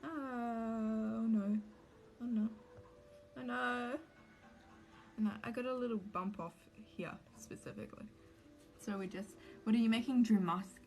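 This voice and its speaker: A young woman with a slightly high, darkish voice speaks in an even, unhurried way, pausing often. She's livestreaming while crafting a cosplay mask, anxiously rambling to her chat as she draws.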